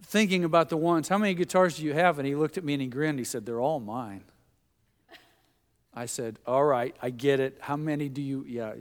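A pastor with a brisk, medium-pitched voice delivers a sermon full of folksy, anecdotal stories, acting out the voices of the people he quotes. Long hall reverb fills the recording.

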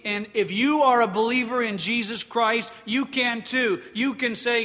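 A man preaching a sermon as a pastor, slow and emphatic, leading the congregation to repeat lines after him. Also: extremely high pitch, bright, forceful tone, long reverb tail.

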